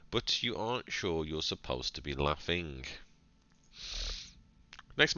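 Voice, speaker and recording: Deep, lively-voiced man narrating a game. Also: dry recording, dull audio. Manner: playful, chatty, jokey running commentary. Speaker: gaming channel host. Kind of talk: narrated let's-play, reading game text aloud with asides.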